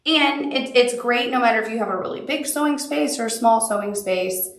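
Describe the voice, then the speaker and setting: A woman's voice: on the high side, fairly quick, reverberant, far from the mic. A woman with a Southern accent leads a live quilting tutorial, chatty and upbeat, with cute little asides. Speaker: quilting instructor.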